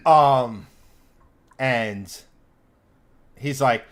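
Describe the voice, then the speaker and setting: A man's voice: mid-range voice, moderate pace. A man hosting a casual podcast, telling a long story with lots of swearing and acting out what other people said. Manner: animated, swearing, acts out quoted people. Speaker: podcast host.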